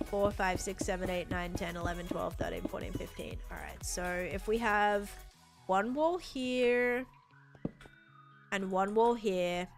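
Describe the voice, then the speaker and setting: Woman streamer, bubbly and chatty, talks over clear game music. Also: medium pitch. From United States. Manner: bubbly, chatty, reads out chat comments. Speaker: livestreamer. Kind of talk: casual live-stream chat while gaming.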